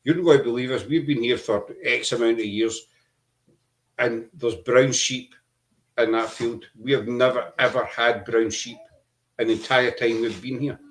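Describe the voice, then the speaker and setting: A middle-aged man hosting a podcast, telling his story earnestly over a video call, halting often with fillers. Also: mid-range voice, steady tone, fairly bright tone. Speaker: podcast host. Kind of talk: casual chat.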